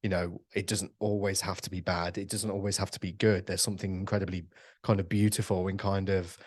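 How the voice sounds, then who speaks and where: A man hosts a podcast in a low voice, earnest and encouraging as he frames his questions. His words come with plenty of fillers, and the sound is dry and close. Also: level tone, brisk, a little mellow, no room sound. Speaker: podcast host. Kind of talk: casual interview chat.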